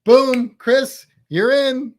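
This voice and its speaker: A man's voice: extremely high pitch, fairly even intonation, extremely slow. Male podcast co-host, slight Midwest American accent, rambling casual chat. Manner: rambling, thinking aloud with many restarts.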